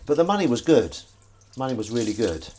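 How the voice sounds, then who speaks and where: Guy chatting on stream while washing up, self-mocking, random shouts, splashy sink noise. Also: mid-range voice, big pitch swings, brisk. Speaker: streamer host. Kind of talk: casual live-stream chat. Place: home kitchen, doing the washing up. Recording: clattering dishes and running water.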